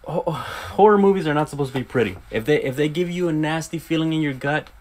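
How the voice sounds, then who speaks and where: A young man reviews a horror film in a loose, profane rant. He retells scenes in a rush and jumps into quick acted quotes along the way. His pitch swings up sharply when he gets worked up. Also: a little mellow. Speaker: movie reviewer. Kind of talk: casual movie review rant.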